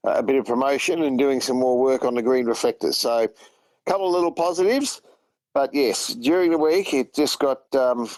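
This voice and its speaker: This regular guest, an Australian-accented truck driver, chats casually on a phone-in, telling long meandering anecdotes and retelling others' words. His medium-pitched voice is brisk and a little mellow, on a low-quality recording with no echo.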